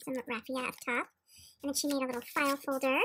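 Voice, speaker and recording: A woman hosting a casual craft unboxing, gushing and exclaiming over each item and sometimes dropping to a hushed near-whisper. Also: high voice, flat delivery, fast talker. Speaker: craft channel host.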